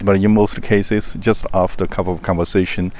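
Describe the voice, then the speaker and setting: Low-voiced man with a Chinese accent. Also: little pitch movement, a little fast, darkish tone, a little hiss or hum. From China. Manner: storytelling with simple, broken grammar. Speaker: host. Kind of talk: casual conversation.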